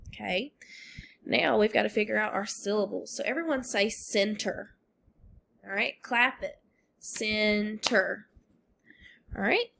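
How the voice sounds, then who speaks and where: Calling out words for children to repeat, a woman runs a phonics lesson on video and praises their answers in call-and-response drills. Her voice is medium-pitched and creaky, and she's feeling unwell.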